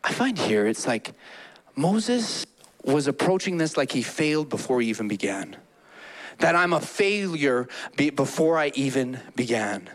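A man preaching a sermon as a pastor in a church, animated, acting out quotes with playful voices. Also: medium pitch, unhurried.

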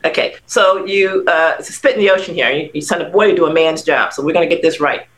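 A woman's voice: low-pitched, fast talker, fairly bright tone, rough recording. An older woman doctor giving blunt, emphatic health advice on a talk show, repeating words for emphasis. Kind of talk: casual radio talk advice.

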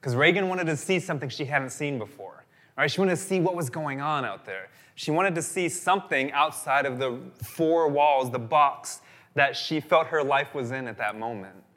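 A man's voice: on the high side, moderate pace. A man preaching a sermon as a pastor, telling stories animatedly and repeating phrases for emphasis. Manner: animated storytelling, repetitive phrasing.

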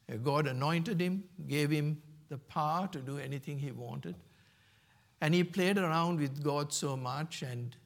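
A man delivers a church sermon at an unhurried, deliberate pace, his voice sitting a little higher than most. He is earnest and emphatic, reading scripture aloud as he preaches. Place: church sanctuary.

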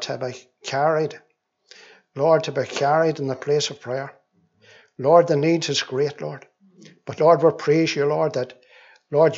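A man reading scripture, praying and giving his testimony at a church meeting, speaking deliberately and often repeating words as he prays. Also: a little high, a little mellow, highs cut off. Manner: slow and deliberate, with frequent repeated words in prayer. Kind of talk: Bible reading, prayer and testimony.

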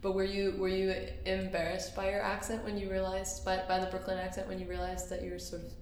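A woman's voice: mid-range voice, monotone, fast, darkish tone, roomy sound, slight background noise. A woman interviewing an older man, asking short prompting questions and giving brief agreement. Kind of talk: oral history interview.

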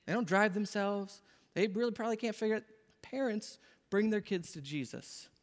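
High-voiced man preaching in a reverberant church. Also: moderate pace. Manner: earnest, conversational preaching with quoted asides. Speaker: pastor. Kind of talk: sermon. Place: church sanctuary.

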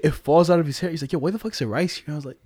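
A man's voice: fairly high pitch, very fast, a crowd in the background. A young man chatting casually with a friend, telling stories in heavy slang and laughing often. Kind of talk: casual chat between friends.

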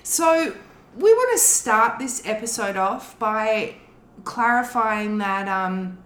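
A woman's voice: a little high, lively intonation, slow pace, fairly bright tone. An Australian woman co-hosting a podcast in casual chat, talking freely with plenty of swearing and explaining her slang. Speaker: podcast co-host. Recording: roomy echo.

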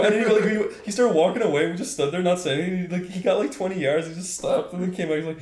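Young Irish man, casual podcast chat, quick and higher-pitched, roomy sound. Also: darkish tone. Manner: quick, swearing anecdotes.

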